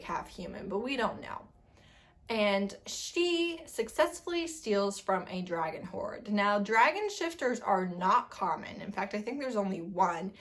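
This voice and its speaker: A woman in her thirties, a book vlogger chatting at home about novels she loves, gushing and animated and laughing often. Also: fairly high pitch. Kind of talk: casual book tag chat.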